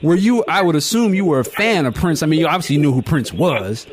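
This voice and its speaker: A man's voice: a little high, lively intonation, fairly quick. A man hosting a podcast, eagerly asking follow-up questions. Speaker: podcast host. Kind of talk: interview questions.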